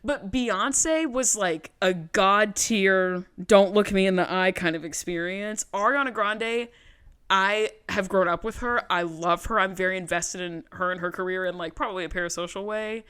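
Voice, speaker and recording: A young adult woman co-hosting a podcast in casual chat. She is animated and self-mocking, and swears casually. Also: mid-range voice, normal speed, smooth. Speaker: podcast co-host.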